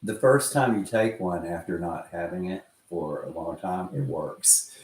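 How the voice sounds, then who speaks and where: West texas guy chatting loose and cussing, kinda low voice, echoey room. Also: lively intonation, unhurried, a little mellow. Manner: profane, chuckling storyteller. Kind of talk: casual rambling chat. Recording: roomy echo.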